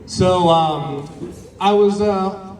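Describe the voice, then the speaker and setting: At an open mic in a bar or small venue, a stand-up comedian delivers a crude, rambling set, acting out quotes from the people in his stories. His voice is high and darkish with drawn-out words, recorded from a distance in an echoey room, with crowd reactions audible.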